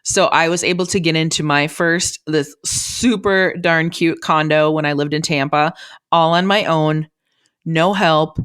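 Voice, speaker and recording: A woman's voice: sits low, fairly even intonation, measured pace, a bit bright, clear, resonant tone. A woman in her thirties from Minnesota, a podcast host and real estate agent, talking in a chatty, earnest, encouraging way with lots of "like"s and restarts on a close mic. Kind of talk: casual solo podcast talk.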